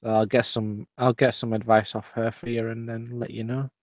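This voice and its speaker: A man chatting as a guest on a video call, soft-spoken and explaining things patiently, with many fillers. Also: medium pitch, flat delivery, normal speed, no echo. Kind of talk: casual video-call chat.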